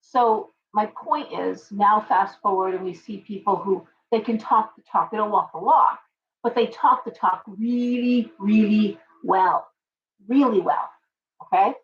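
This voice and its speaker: A woman's voice: mid-range voice, unhurried, far from the mic, a little hiss or hum. A middle-aged woman hosting a live stream as a tarot reader, chatting casually in a rambling way and greeting viewers by name. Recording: dull, lo-fi sound from off-mic.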